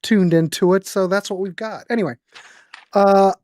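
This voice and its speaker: A man's voice: high-pitched, fairly even intonation, normal speed, darkish tone, no echo, clean studio sound. A man hosting a casual online music podcast over a video call, talking in a laid-back, wry way. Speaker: host.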